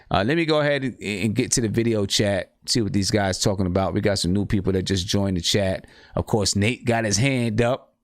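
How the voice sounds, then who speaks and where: A man's voice: lowish voice, dry recording, studio quality. A man hosting a casual live-stream chat, emphatic and repeating phrases to drive points home. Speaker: podcast host.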